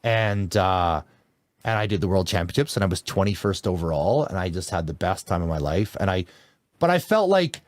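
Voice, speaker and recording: Man from canada, forties, low voice, very animated melody, dry close sound. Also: moderate pace, no echo. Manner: lively, enthusiastic, laughs through stories. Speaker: guest, endurance coach. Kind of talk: casual storytelling interview.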